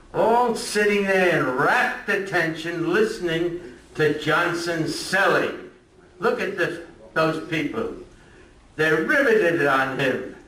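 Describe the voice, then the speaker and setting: In a retirement community lecture room, an older man with a fairly high, somewhat bright voice gives a relaxed history lecture, bantering and joking with the crowd. The recording comes from a distant mic and sounds echoey.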